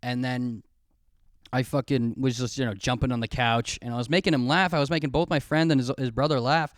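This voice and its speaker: A man's voice: medium pitch, fairly even intonation, fairly quick, dry recording, clean studio sound. A young man hosting a podcast, telling a long childhood story in a rambling, profane, self-mocking way, laughing often. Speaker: podcast host. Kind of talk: casual storytelling monologue. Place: home room, recorded on camera. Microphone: camera mic.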